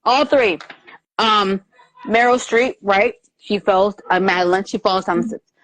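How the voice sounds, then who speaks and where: Animated woman hosting a movie chat. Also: mid-range voice, a little slow, no room sound. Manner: animated, quotes lines in put-on voices, lots of laughter. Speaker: host. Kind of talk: casual movie review chat. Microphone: live video stream.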